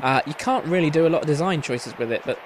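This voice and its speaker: A man's voice: on the high side, animated, quick pace, background noise. A man doing casual, sweary, self-mocking commentary over a football video game. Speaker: gaming commentator. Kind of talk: casual let's-play commentary.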